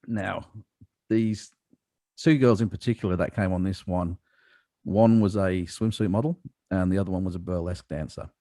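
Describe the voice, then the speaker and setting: A man's voice: deep voice, fairly even intonation, normal speed, mellow, no echo, studio quality. A man hosting a podcast, telling a long anecdote in a casual, rambling way with plenty of fillers. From Western Australia. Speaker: podcast host. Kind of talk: casual storytelling chat.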